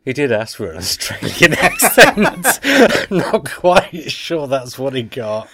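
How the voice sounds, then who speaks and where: A man's voice: mid-range voice, big pitch swings, takes it slowly, creaky, crowd noise. A man co-hosting a casual podcast, reading out listener email and chatting. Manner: reads aloud with laughing breaks. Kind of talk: casual chat.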